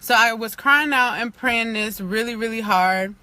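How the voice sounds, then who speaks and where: A woman's voice: a little high, moderate pace, sharp tone. A woman vlogger telling a personal faith testimony in a chatty way, full of "like" and "you know," earnest and at times near tears. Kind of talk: casual testimony on a livestream.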